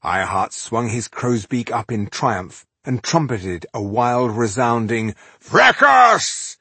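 A man reading a fantasy audiobook as narrator, with measured, dramatic storytelling. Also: mid-range voice, fairly even intonation, slightly rough, dry recording. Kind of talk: scripted narration.

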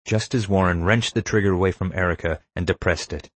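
A man reading a first-person story aloud in a steady, measured manner. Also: deep voice, husky, no echo. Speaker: audiobook narrator. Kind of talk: first-person scripted narration.

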